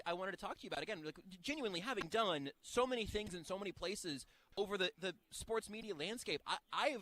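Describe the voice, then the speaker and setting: A man hosting a sports radio show, interviewing a guest in a quick, chatty way. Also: a little high, bright, forceful tone, rough recording. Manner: quick, chatty, laughs often.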